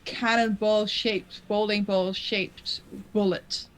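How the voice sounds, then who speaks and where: A woman playing a tabletop role-playing game, describing her character's actions slowly and hesitantly. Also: medium pitch, little pitch movement, clean tone, poor audio. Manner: slow and hesitant, searching for words. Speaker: player.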